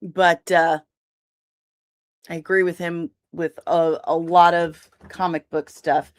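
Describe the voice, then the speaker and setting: A woman's voice: fairly low pitch, flat delivery, slow pace. Chatty woman hosting a livestream. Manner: chatty, greets chat viewers by name, laughs easily. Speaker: livestream host. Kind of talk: casual livestream chat.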